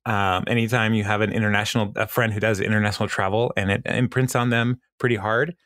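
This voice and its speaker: A man's voice: lowish voice, steady tone, fast, a bit bright, no echo, studio quality. A man co-hosting a podcast, recapping a TV episode in casual, meandering chat and chuckling often. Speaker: podcast co-host.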